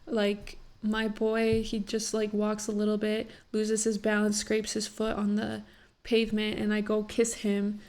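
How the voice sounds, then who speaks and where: A young woman rambles through a casual reaction vlog, her voice gravelly with fry. She is still teary after crying and fills her talk with "like.". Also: mid-range voice, completely flat delivery, unhurried, a little mellow. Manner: emotional, rambling, many "like" fillers. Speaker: vlogger reacting to a talk show.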